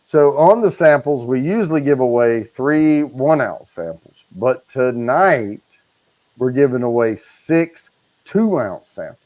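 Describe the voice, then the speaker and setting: A man chatting on a casual livestream, walking through the giveaway details at an easy clip. His voice sits in a middle pitch, relaxed and talkative. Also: slow. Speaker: livestream co-host.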